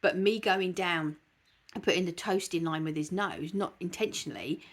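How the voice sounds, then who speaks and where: A woman's voice: fairly low pitch, moderate pace. A woman hosting a dog channel, talking earnestly and from the heart to her viewers, with frequent hesitations. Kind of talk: casual vlog talk to camera.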